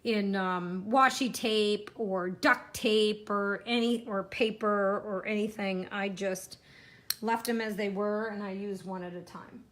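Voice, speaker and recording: A woman's voice: mid-range voice, steady tone, unhurried. A chatty woman giving a casual live card-making demo, talking while she works and joking about herself. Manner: chatty, self-deprecating, talks while working.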